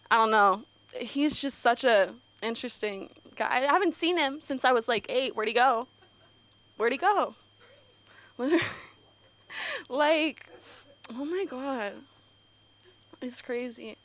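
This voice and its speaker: A woman's voice: on the high side, measured pace, pauses often, a bit bright. Giggly rambling teen girl on stage. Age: teens. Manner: rambling, giggly, lots of fillers. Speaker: open mic comedian. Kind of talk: nervous stand-up set. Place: comedy club stage. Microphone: stage mic.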